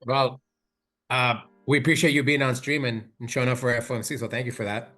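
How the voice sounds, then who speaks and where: Male stream host, bright mid-pitched voice, casual slangy banter. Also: flat delivery, faint music behind. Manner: loose, slangy banter with quick laughs. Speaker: host of a live trading stream. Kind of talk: casual chat while trading.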